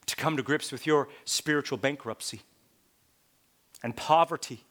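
A man preaching a sermon, swinging from loud, emphatic lines to hushed whispers and repeating key points. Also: on the high side.

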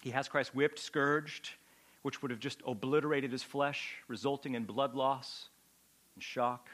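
A man preaching a sermon with a dramatic delivery, swinging from loud outbursts to a hushed, low voice. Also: steady tone, unhurried. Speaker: pastor.

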